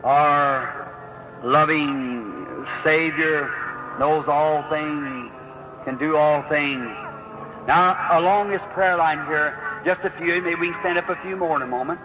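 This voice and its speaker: Revival preacher, earnest and folksy, higher voice, on a muffled hissing old tape. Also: male voice, takes it slowly. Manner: folksy, earnest, calls out prayer card numbers, rises to fervent emphasis. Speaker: preacher leading a healing service. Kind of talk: revival sermon and prayer line. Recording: lo-fi old recording with audible hiss.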